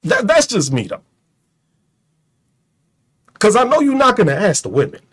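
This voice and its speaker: Speaking to viewers online, a man who streams and does commentary launches into a profane, mocking rant full of rhetorical questions, chuckling at his own jokes. His voice sits high and is very animated, at a normal speed.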